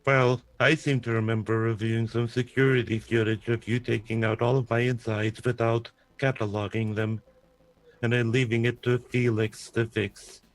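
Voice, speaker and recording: A man voicing an earnest android crewman in a tabletop role-play, measured, soft-spoken and literal. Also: mid-range voice, little pitch movement, close to an everyday voice.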